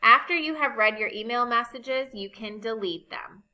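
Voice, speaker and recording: A woman teaching a recorded phonics lesson, explaining spelling rules slowly and patiently. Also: a little high, bright, forceful tone, poor audio. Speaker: reading teacher.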